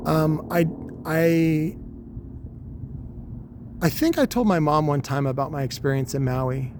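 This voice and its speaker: Higher-voiced man telling a rambling story. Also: a little slow, a little mellow, slight background noise. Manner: rambling, profane, wry anecdote telling. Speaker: podcast host. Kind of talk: casual storytelling.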